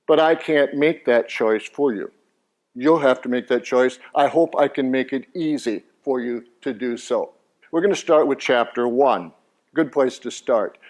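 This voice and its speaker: An older man with a slightly high, somewhat mellow voice teaches a Christian course before a live audience in a church meeting room. He keeps things jovial, cracking jokes and putting questions to the crowd.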